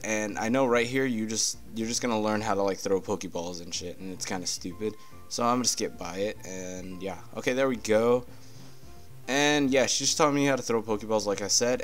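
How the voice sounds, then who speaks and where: Talking over a video game playthrough in a lowish, slightly bright voice, this man keeps things casual and rambling. He's profane and quick to get annoyed with the game in his let's-play commentary.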